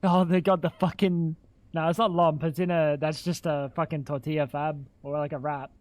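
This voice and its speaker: A young man with a high-pitched voice chats casually on a live stream, cracking crude jokes and swearing as he reacts in disbelief. His voice is close and dry, with no room sound around it. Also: flat delivery, moderate pace, a little mellow, no room sound.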